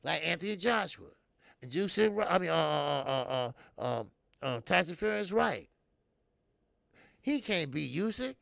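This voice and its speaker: A man hosting a casual boxing stream, his slightly raised voice full of deep gravelly fry. He rambles and curses freely, stumbling through fillers as he answers viewers. The sound is close and dry, with no room in it. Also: expressive, unhurried, pauses often, fairly bright tone, no room sound. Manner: loose, profane and rambling, with many fillers. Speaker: boxing talk show host. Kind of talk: casual live-stream commentary.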